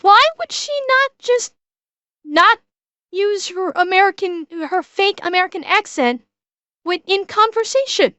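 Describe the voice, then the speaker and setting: A woman's voice: extremely high pitch, lively intonation, measured pace, pushed and bright, no echo. A woman streamer reacting to a video, ranting bluntly with heavy swearing.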